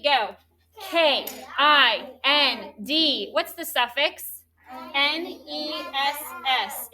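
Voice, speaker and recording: A woman teaching a third grade spelling lesson, spelling words out slowly and clearly letter by letter. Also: fairly high pitch, sharp tone.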